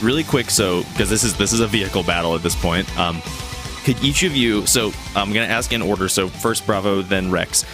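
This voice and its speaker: A man's voice: fairly low pitch, fairly quick, over music. A man narrating a tabletop game as game master, often restarting his sentences as he describes the action.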